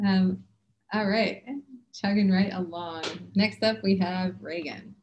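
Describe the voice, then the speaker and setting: A woman's voice: lowish voice, a little mellow, a little hiss or hum. Upbeat woman host on dull, lo-fi audio. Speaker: event host. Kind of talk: introducing readers.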